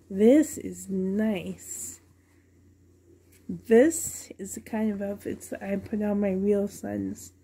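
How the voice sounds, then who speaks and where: A woman's voice: medium pitch, mellow, slightly rough. A woman at home unboxing a doll for her vlog, gushing with delight and often dropping to a whisper. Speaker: reborn doll collector unboxing a doll.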